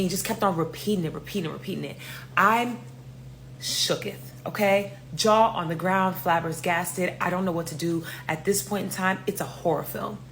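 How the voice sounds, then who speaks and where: A young woman from New York with a New York accent, telling a story in a casual, animated way, swearing freely and acting out the other voices. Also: lowish voice, moderate pace, slight background noise.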